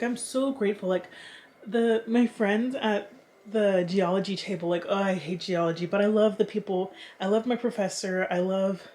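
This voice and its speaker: Young woman vlogger, mid-pitched, animated and sweary, with faint room noise behind her. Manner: chatty, swears freely, animated swings in pitch. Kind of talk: casual chat to camera.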